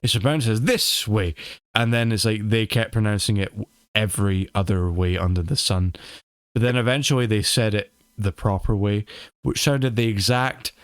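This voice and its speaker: A man's voice: lowish voice, normal speed, clear, resonant tone, no echo. A young British man hosting a casual podcast chat, rambling loosely, swearing and laughing often. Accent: British English. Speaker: podcast host.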